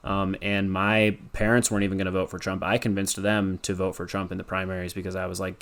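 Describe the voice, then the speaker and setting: A young man from Colorado answers a podcast host's questions in a loose, rambling way, full of ums and likes. His voice sits a bit low and sounds clean and smooth. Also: little pitch movement, quick pace, few pauses, a bit bright. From Colorado, USA. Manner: rambling, with many fillers and likes. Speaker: podcast guest. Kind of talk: casual interview answers.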